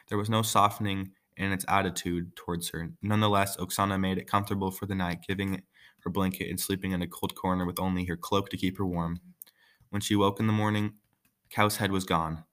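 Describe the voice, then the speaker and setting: A man's voice: deep voice, fairly bright tone. A man reading a folk tale aloud, breaking off for joking, offhand asides. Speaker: story reader.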